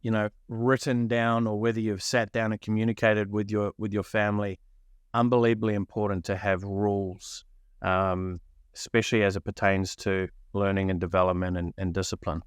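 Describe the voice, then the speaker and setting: A middle-aged man from New Zealand hosting a podcast, telling a childhood story in a casual, animated way and acting out the people he quotes. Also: on the low side, normal speed, smooth, dry recording, studio quality. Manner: animated, acts out quoted voices. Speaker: podcast co-host.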